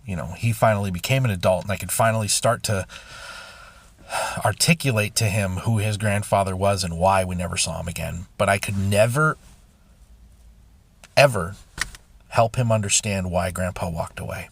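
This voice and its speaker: A middle-aged man hosting a podcast, telling a painful personal story in a halting, emotional way with many restarts and sighs. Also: sits low, creaky, breathy edge, no room sound. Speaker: podcast host. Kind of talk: personal confessional monologue.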